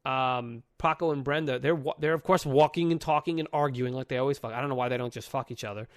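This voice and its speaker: A man's voice: medium pitch, fast, no echo, studio quality. A young man co-hosting a casual comic book podcast. He talks profanely and acts out characters' lines. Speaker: podcast co-host.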